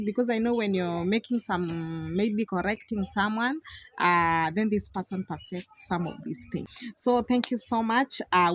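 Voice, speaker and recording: A young woman vlogging outdoors in a village, giving lively commentary, laughing often and repeating herself. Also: on the low side, no room sound. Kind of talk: casual vlog commentary.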